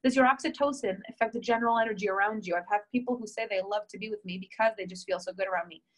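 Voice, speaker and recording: A woman's voice: mid-range voice, racing. A woman coaching a group call, encouraging her listeners and reading out their comments. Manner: warm, encouraging, reads out members' comments. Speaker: relationship coach.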